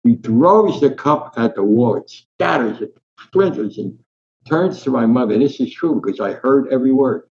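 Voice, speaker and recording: Older man, interview guest, lively storyteller, mid-pitched voice, slightly dull lo-fi recording. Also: normal speed. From Newark, New Jersey, US. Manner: animated raconteur, acts out quoted voices. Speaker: interview guest, sports columnist.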